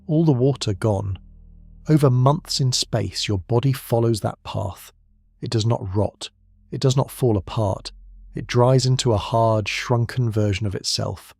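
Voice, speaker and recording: A man narrating a science documentary in a slow, grave, measured way, leaning on short phrases. His voice has a gravelly, fry-edged texture and sits at a middle pitch. The sound is close and dry, with faint music underneath. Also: darkish tone, no room sound.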